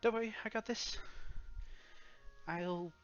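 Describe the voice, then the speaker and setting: A man's voice: high voice, fairly even intonation, slow, fairly bright tone, smooth, soft background music, pitched above the performer's own voice. A man voicing a loyal, reassuring woman. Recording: dull lo-fi sound.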